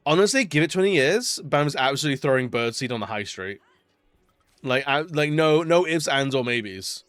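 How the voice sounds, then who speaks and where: A man's voice: mid-range voice, animated, normal speed, a bit bright, no echo. A man chatting casually during a live stream, rambling and laughing often between remarks. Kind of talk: casual live-stream chat while gaming.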